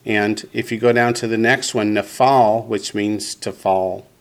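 A man teaching a class, explaining slowly and deliberately and leading the group in repeating words. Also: fairly low pitch, fairly even intonation. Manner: slow, deliberate explanations, leads group repetition. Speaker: Hebrew teacher. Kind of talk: classroom lesson with call-and-response.

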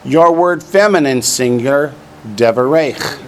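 Slow, deliberate male teacher drilling words. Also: medium pitch. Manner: dry joking asides between drilled words. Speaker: Hebrew teacher. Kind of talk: classroom lesson, reading from a textbook.

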